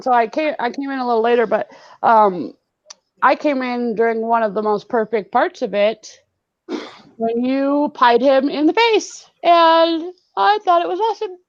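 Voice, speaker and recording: Reading viewer comments out loud and laughing frequently, a high-voiced woman hosts a casual live-stream hangout on a video call. The audio has no room sound but is dull and lo-fi.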